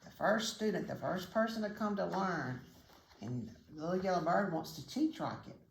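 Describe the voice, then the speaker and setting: An older woman, a retired teacher, reading a children's story aloud in a gentle, teacherly way, pausing to ask the listener questions. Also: lowish voice, animated, gravelly. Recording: roomy echo.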